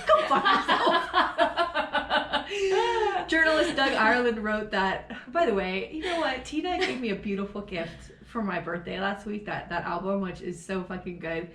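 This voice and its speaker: A woman from Florida co-hosting a casual true-crime podcast, swearing freely and laughing through animated storytelling. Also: medium pitch, normal speed, few pauses, reverberant, a little hiss or hum. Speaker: podcast co-host.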